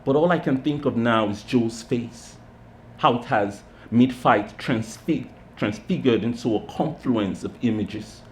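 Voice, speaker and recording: A man at a pub open mic reading his own short story in a measured, literary way. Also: mid-range voice, a little hiss or hum. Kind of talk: reading fiction aloud. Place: pub stage.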